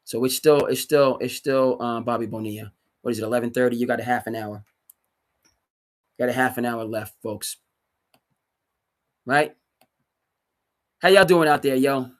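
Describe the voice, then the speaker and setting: A man's voice: medium pitch, brisk. Emphatic man ranting about sports. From New England. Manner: animated, emphatic ranting with sudden loud bursts. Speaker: sports commentary host. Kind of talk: solo sports talk livestream.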